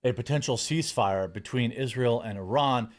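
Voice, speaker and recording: Man, online commentator, reading an article aloud, halting delivery, trips over words. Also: medium pitch.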